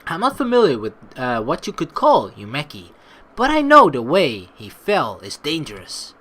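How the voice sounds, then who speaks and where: A woman reading a visual novel aloud in an expressive way, adding her own asides. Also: low voice, normal speed, slightly rough. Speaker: game player reading aloud.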